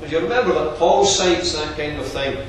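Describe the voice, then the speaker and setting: A man preaching a sermon in a measured, earnest expository manner. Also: on the high side, slight background noise. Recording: very echoey, distant room recording.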